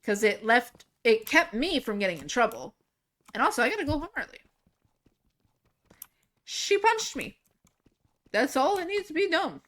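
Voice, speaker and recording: A young woman livestreamer telling a story casually while gaming, rambling and animated, laughing and swearing often. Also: sits high, moderate pace, long pauses.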